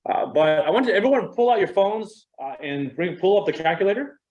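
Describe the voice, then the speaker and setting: A middle-aged man gives a casual training talk to real estate agents, speaking conversationally and animatedly with a self-deprecating manner. His voice sits high and is a little mellow, his pace fairly quick, and the recording muffled.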